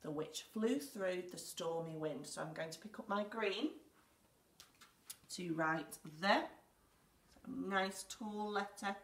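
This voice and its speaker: A woman with an English accent teaching a recorded lesson for young children, clear, patient and encouraging. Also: on the low side, slow pace, fairly bright tone, far from the mic. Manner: clear, patient and encouraging, reads story lines aloud with emphasis. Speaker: primary school teacher. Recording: echoey room, speaker away from the mic.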